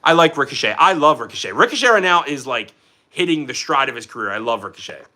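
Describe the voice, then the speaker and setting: A young man hosting a casual livestream, reading viewer comments and chatting in an energetic, rambling way. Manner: energetic, rambling, quick pitch jumps and bursts of laughter. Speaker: livestream host.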